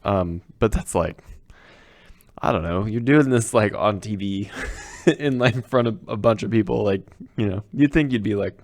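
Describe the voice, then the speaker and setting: A man's voice: on the low side, moderate pace, no room sound, studio quality. A young man in casual podcast chat, reacting loosely and swearing a lot. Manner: reactive, swears, interjects with dude and laughs. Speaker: podcast co-host.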